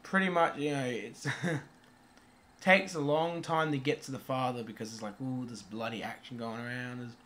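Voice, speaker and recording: A man talks through a movie review in a loose, unscripted way. He wanders off topic, swears casually and fills gaps with hesitant ums. His voice sits at an ordinary middle pitch. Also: moderate pace, a bit bright, a little hiss or hum. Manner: rambling, swears casually, many fillers.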